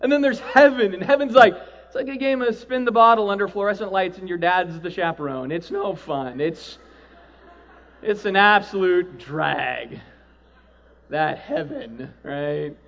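A man preaching a sermon to a live audience, animated, acting out quoted voices and often asking "right?". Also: high-pitched, measured pace, highs cut off. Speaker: pastor.

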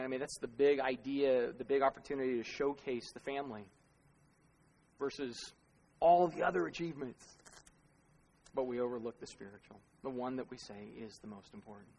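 A man's voice: mid-range voice, normal speed, pauses often, darkish tone, slightly rough. A male pastor giving a conversational sermon, asking rhetorical questions and laughing at himself now and then. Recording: long reverb of a large hall.

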